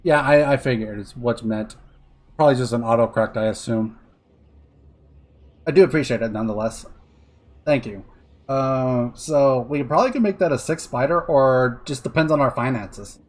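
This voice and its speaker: A male streamer talks his way through a strategy game in a casual, muttering way, with swearing whenever something annoys him. His pitch sits in an ordinary middle range. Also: normal speed, pauses often. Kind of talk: casual gameplay commentary.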